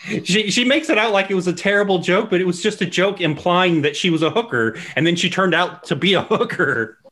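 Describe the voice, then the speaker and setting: Teasing man, a little higher voice. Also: brisk, fairly bright tone. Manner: teasing, joking. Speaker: podcast co-host. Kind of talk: casual movie review chat.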